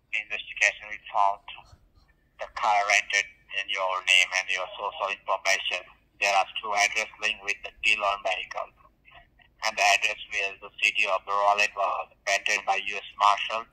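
A man's voice: fairly low pitch, pushed and bright. A man with a non-native English accent, posing as an officer on a phone call, speaking broken, formal and pushy English. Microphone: phone line.

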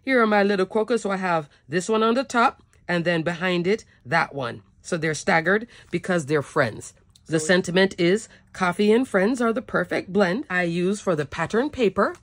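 A woman's voice: lowish voice, normal speed, no echo. A woman showing her handmade cards in a chatty, enthusiastic craft tutorial, often checking in with "okay?". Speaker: cardmaking demonstrator.

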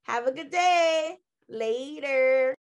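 A woman teacher leading a phonics lesson for young children, drilling sounds in a slow, sing-song way while losing her voice. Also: sits high. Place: classroom video lesson.

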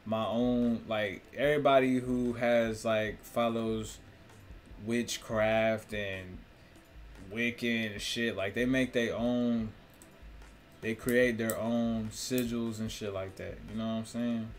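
A vlogger hosting his own channel rambles loosely and profanely to camera, laughing often and throwing questions at viewers. His voice is lowish and steady, and he takes it slowly over slight background noise.

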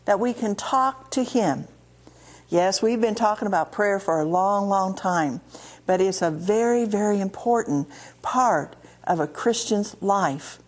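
A woman with a Midwestern American accent hosting a TV ministry and teaching from the Bible, earnest, slowing down and repeating key words of scripture. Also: medium pitch, a little mellow. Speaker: TV ministry host. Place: TV studio.

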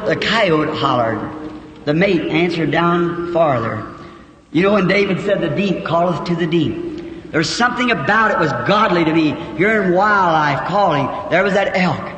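A male preacher in his fifties from the United States tells his story in a high, folksy voice that swings into excited, climbing bursts. The sermon rings through a large hall with a long echo. A faint hiss sits under the recording. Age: 50s. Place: church or meeting hall.

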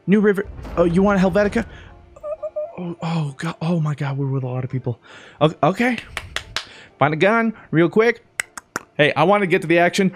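Gaming commentator man, high-ish, animated, jokey, yelps when startled, close desk mic. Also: a little fast, pauses often, faint music behind. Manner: excitable, jokey, swings between mumbled asides and high yelps. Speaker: gaming YouTuber. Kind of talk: let's play commentary.

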